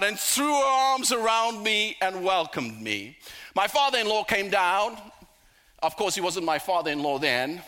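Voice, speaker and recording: Male preacher, middle-aged, high bright voice, storytelling with jokes. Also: expressive. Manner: storytelling, humorous asides, slows for emphasis. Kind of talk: sermon with personal stories.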